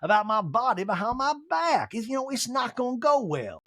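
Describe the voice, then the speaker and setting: A prim, touchy socialite woman, as a man puts her on in a slow drawl and a raised voice. The delivery is dry and close to the mic. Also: very high voice, very animated, a bit bright, no room sound, voice pushed up, heavily acted. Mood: indignant. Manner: slow drawl, starts lines with "well".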